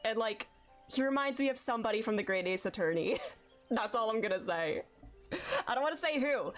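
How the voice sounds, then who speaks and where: A woman streamer giving casual let's-play commentary, chatty and excitable, with lots of fillers. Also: on the high side, normal speed, faint music behind. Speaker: game streamer.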